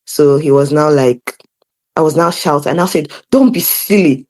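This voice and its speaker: A young woman, a podcast guest telling animated, laughing stories from her childhood. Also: deep voice, normal speed. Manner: lively, laughing, animated storyteller. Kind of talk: casual storytelling chat.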